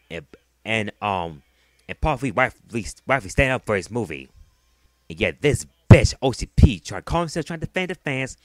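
A man's voice: fairly low pitch, lively intonation, normal speed, no room sound. A man delivering a heated, profane vlog rant, often repeating himself. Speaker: vlogger. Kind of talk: angry ranting vlog.

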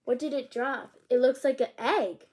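A woman reads picture books aloud in a slightly high voice. She is bubbly and chatty, dropping little asides between the lines. Now and then she trips over a character's name. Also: normal speed, darkish tone. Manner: occasional stumbles over names. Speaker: channel host reading aloud.

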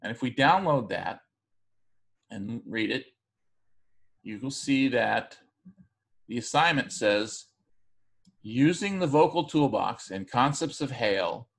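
A man with a mid-range, gravelly voice delivers a recorded class lecture. He talks in a relaxed, conversational way, often pausing on fillers and restarting his sentences as he explains. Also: medium pitch. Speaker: teacher.

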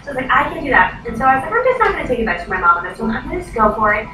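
A woman's voice: a little high, sing-song, racing. A woman in her thirties, a direct sales consultant, giving a chatty training talk and acting out quoted voices. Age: 30s. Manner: chatty, acts out quoted voices, says "like" often. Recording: echoey, noisy room from far off.

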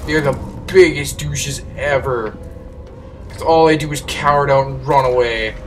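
A man commentating a horror game as he plays, jumpy, swearing and yelling at the enemies. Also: mid-range voice, steady tone, measured pace. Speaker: let's play gamer. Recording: distant mic with game music behind.

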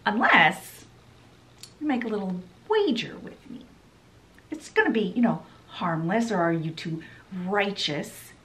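A woman doing a sneery fairy villain lady, slow and teasing. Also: mid-range voice, animated, fairly bright tone. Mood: sly taunting. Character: sly scheming female fairy rival.

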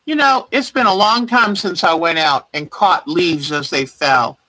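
A woman's voice: fairly low pitch, unhurried, sharp tone, husky, dry recording, poor audio. A woman hosting a casual quilting livestream, chatty and gushing with praise as she shows viewers' work by name. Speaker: quilting show host. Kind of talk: casual livestream show-and-tell.

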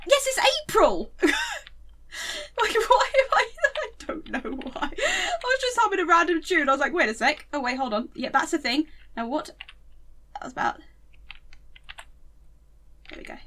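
Bright, lively high-voiced woman gamer. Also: a little hiss or hum. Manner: chatty, giggly, rambles and talks to herself. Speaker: gaming channel host. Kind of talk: casual gaming commentary.

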